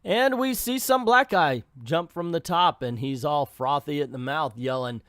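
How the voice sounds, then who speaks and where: A man's voice: a little high, measured pace, hardly any pauses, fairly bright tone, dry recording, clean studio sound. A man hosting a comic book video, who recaps the story in an offhand, conversational way with filler words.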